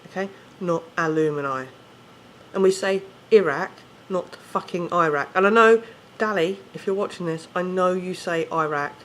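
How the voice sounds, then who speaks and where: A man's voice: high-pitched, fairly even intonation, moderate pace, hardly any pauses, fairly bright tone, slight background noise. A man with an English accent, ranting casually to camera, swearing often and correcting himself as he rambles. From England. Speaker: vlogger.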